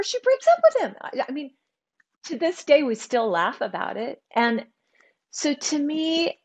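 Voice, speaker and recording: A middle-aged woman tells a personal story as an interview guest. She is animated and switches into the voices of the people she quotes. Her pitch sits in an ordinary middle range. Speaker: author and guest.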